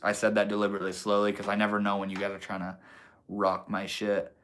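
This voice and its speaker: Young man, bright voice, casual slangy live stream chat, sitting at his computer, relaxed. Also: on the low side, a little fast. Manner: laid-back, slangy, reads chat aloud. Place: indoors at a computer.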